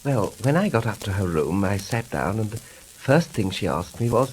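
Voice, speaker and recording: A man from Britain telling a deadpan 1930s stage comedy monologue in a dry manner. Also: lowish voice, moderate pace, a little hiss or hum, low-quality recording. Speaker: comic monologist.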